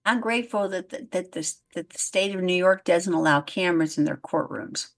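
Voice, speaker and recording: A woman's voice: on the low side, fairly quick, vocal fry. A woman co-hosting a podcast over a video call, chatting casually and laughing easily. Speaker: podcast co-host. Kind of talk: casual chat.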